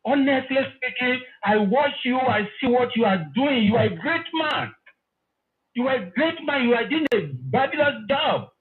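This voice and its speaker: A man's voice: very high-pitched, expressive, moderate pace. A man calling in, effusive and emotional, repeating his praise. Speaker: caller. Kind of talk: phone-in call. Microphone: phone. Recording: tinny phone line.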